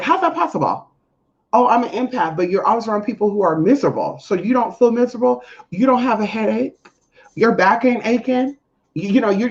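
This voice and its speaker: A spiritual reader in a casual monologue to viewers, blunt, profane and emphatic, with big swings in pitch. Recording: dull lo-fi audio.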